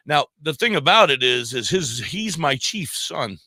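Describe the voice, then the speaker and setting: A man guest on a podcast telling a story in a casual, animated way, acting out the voices of the people in it. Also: mid-range voice, moderate pace, few pauses, no echo. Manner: animated storyteller who acts out quoted voices. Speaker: volunteer fire police.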